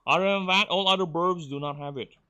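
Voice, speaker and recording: A man's voice: high-pitched, brisk, sharp tone, highs cut off, voice pushed up. A man putting on a grandiose, mock-solemn voice as a self-proclaimed male bird god.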